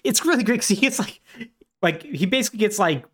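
A man co-hosting a podcast, retelling a game's story in animated, casual chat full of "like". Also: sits high, fast, breathy edge. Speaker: podcast co-host.

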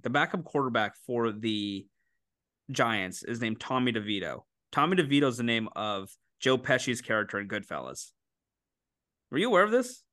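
Man, middle pitch, dry close sound, casual betting podcast, animated, incredulous. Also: no room sound. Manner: animated, incredulous, quick to laugh. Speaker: podcast co-host making picks. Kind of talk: casual sports betting chat.

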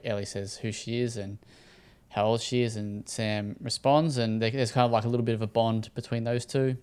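A man's voice: lowish voice, smooth. A man with an Australian accent, casually recapping a show episode as a podcast co-host, rambling and swearing. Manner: rambling, laid-back, swears and laughs often. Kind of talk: casual chat.

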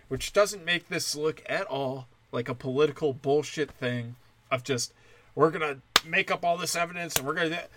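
A man's voice: medium pitch, no room sound. A man ranting in a heated, profane, rambling way, full of "like" fillers. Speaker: commentator. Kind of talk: profane political rant.

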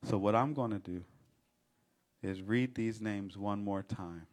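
A man's voice: lowish voice, a little slow. A male pastor preaching a sermon with a rhythmic, fervent litany and call-and-response.

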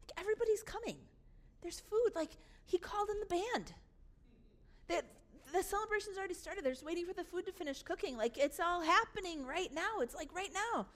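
A woman doing an excited, breathless servant. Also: very high-pitched, fairly quick, pitched above the performer's own voice. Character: eager household servant bringing party news.

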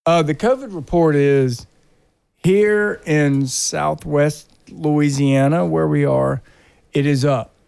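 A man's voice: on the high side, slow, creaky, a little mellow, smooth, dry recording. A man co-hosting a podcast, talking in a blunt, rambling way. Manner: blunt, rambling, mocks accents. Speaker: podcast co-host. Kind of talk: casual banter.

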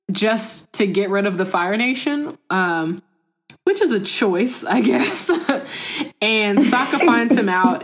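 Animated woman in casual recap chat. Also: medium pitch. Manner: animated, laughing, acts out quotes in playful voices. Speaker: podcast co-host.

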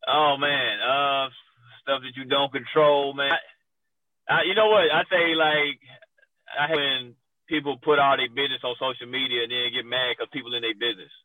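A man's voice: medium pitch, steady tone, normal speed, pushed and bright, dry recording, low-quality recording. A man chatting casually as a guest, laughing often and quoting others in a raised voice. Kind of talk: casual conversation.

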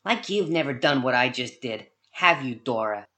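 Male narrator putting on a cruel, sweet-talking young girl; bright and slightly higher, mocking and defiant. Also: animated, moderate pace. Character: cruel teasing young girl, newly grown. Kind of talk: audiobook character voice.

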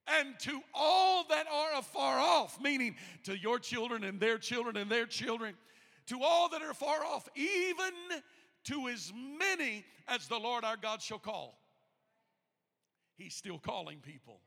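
A man preaching a sermon as pastor of the church, moving from quiet storytelling to loud, shouted calls to the congregation. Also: extremely high pitch, lively intonation, unhurried, gravelly, in a large hall. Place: church sanctuary.

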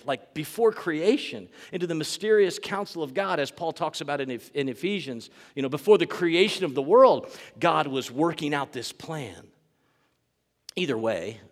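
A man's voice: medium pitch, big-room sound. A man preaching a sermon as pastor, earnest and emphatic, repeating key phrases for weight.

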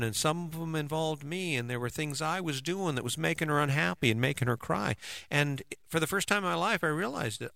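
A man's voice: a little high, brisk, creaky, bright, forceful tone, no echo. A middle-aged man giving a conversational motivational talk as a relationship coach, often checking in with "right?". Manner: conversational, keeps asking "right?".

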